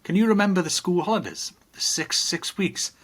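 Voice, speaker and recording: A man's voice: sits high, animated, moderate pace, fairly bright tone, breathy edge. A middle-aged man co-hosting a casual podcast, reflective and rambling with restarts. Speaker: podcast co-host. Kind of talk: casual chat.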